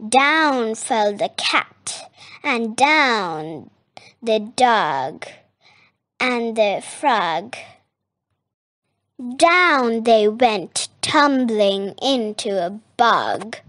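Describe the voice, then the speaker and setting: A woman reading a rhyming children's picture book aloud in a measured, sing-song way. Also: a little high, sing-song, fairly bright tone, no echo. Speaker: storybook reader.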